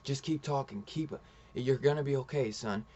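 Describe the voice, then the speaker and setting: A man doing a calm caped vigilante, low-key. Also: moderate pace, natural voice. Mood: soothing. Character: gruff adult male caped vigilante, calm and steady.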